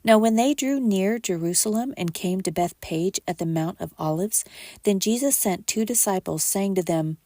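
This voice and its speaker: A woman hosting a podcast, reading scripture aloud at a measured pace and lifting her voice for quoted speech. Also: medium pitch, mellow, no echo, studio quality.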